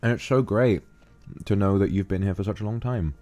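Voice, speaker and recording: A man's voice: lowish voice, fairly quick, dark tone, faint music behind. A man chatting casually on a livestream, reading viewer donations and calling them darling. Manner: affectionate, calls viewers darling.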